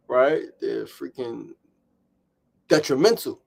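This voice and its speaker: A man's voice: medium pitch, moderate pace, darkish tone. A middle-aged man hosting a motivational talk, emphatic and repetitive, often asking "right?". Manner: emphatic and repetitive, with frequent "right?" and mild swearing. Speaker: podcast host.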